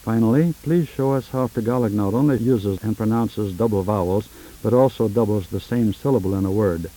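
Measured man on old 1970s tape. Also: lowish voice, dark tone, low-quality recording. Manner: measured, precise. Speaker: linguist interviewer. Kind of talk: formal phonetic elicitation.

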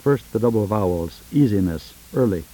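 A man speaking in a measured, precise way while leading a formal phonetic session, on an old 1970s tape recording. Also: on the low side, expressive, mellow, low-quality recording. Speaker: linguist interviewer.

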